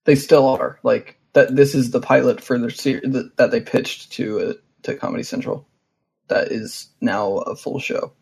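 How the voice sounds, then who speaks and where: A man from the United States with a gravelly, creaky edge who trades teasing jokes in a casual podcast chat. His pitch stays in a middle range. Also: moderate pace, a little mellow. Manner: jokey, teasing. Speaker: podcast co-host.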